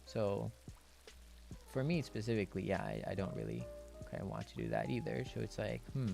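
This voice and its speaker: A male streamer in a relaxed chat, laughing often and tagging "nyan" onto his thank-yous as he switches between English and Japanese. His pitch swoops up and down a lot, and soft music plays behind him. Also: fairly quick, vocal fry. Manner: playful and giggly, mixing English and Japanese, cat-like "nyan" sign-offs. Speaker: streamer host. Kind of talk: casual chat reading viewer messages.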